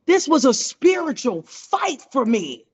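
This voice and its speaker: A woman telling an animated testimony on a video call, acting out quoted voices with big jumps in pitch. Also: measured pace, lo-fi sound. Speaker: team member sharing a testimony.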